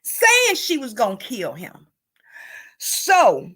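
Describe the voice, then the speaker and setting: Woman, true crime commentary, high voice, slow delivery, emotional, profane, repeats herself. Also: lively intonation, a bit bright.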